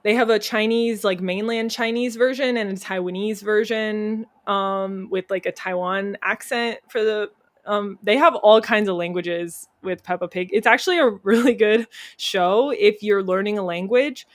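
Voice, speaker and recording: A woman's voice: mid-range voice, fairly even intonation, normal speed. Chatty, laughing young woman guest. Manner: chatty, laughs often, storytelling. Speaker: podcast guest. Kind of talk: casual chat.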